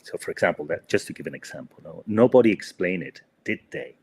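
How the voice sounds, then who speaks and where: Man teaching, husky and hesitant. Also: sits low, expressive, fast. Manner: hesitant, many fillers and tag "no?". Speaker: co-host and English teacher. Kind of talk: casual podcast lesson.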